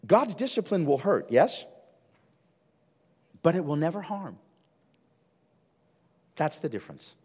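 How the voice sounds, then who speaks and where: A male pastor preaching a sermon at a church service. He asks his listeners question after question and swings from loud, emphatic calls down to hushed, intense lines. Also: fairly high pitch, sing-song, takes it slowly, pauses often, slightly rough, big-room sound. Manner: asks the congregation rhetorical questions.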